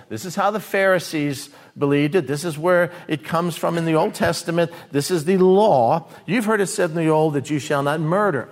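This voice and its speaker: A middle-aged man preaching a sermon as pastor, conversational, acting out quoted voices and swinging between loud and hushed. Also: a little high, moderate pace, few pauses.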